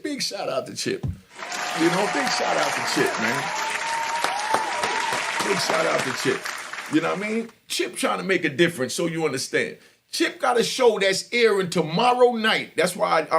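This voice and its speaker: An older man, ranting loudly and with heavy profanity at viewers of his prison stories vlog. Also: sits high, very animated, moderate pace, gravelly, a faint crowd, a little hiss or hum. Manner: loud, profane, preaching to viewers. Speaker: prison story vlogger. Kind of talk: heated unscripted monologue.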